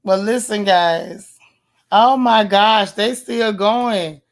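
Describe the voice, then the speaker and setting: A hoarse woman hosting a casual livestream, chatting warmly and reading viewer comments aloud. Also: mid-range voice, takes it slowly. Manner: affectionate, teasing. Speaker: livestream host. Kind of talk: casual live-stream chat.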